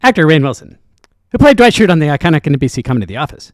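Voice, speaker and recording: A man doing a rapid-fire pundit newsreader. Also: a little high, very animated, no echo, clean studio sound. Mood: mock-serious. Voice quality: rapid clipped delivery with pauses. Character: male conservative pundit reading news rapid-fire. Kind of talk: mock news reading impression.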